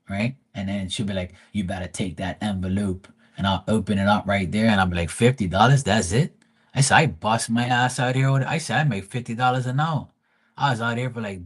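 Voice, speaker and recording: A male tarot reader hosting a livestream tells rambling family stories casually, bluntly and teasingly, swearing freely and using lots of fillers and asides. His voice is lowish and slightly rough.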